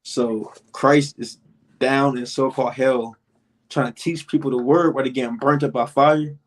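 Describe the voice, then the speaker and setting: A man co-hosting a casual Bible study who reads verses slowly and talks in slang. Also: medium pitch, fairly even intonation. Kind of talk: casual religious discussion and scripture reading.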